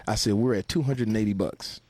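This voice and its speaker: A man telling stories in a casual, animated way, swearing freely, laughing often and acting out other people's lines. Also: lowish voice, fairly quick, dry recording, clean studio sound. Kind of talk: casual anecdotal storytelling.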